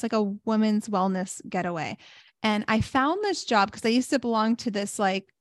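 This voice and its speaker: A young woman on a yoga podcast, an animated storyteller who laughs often and fills her talk with "like". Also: mid-range voice, no room sound, studio quality. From South Florida. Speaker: podcast co-host, yoga teacher. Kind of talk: casual chat, storytelling.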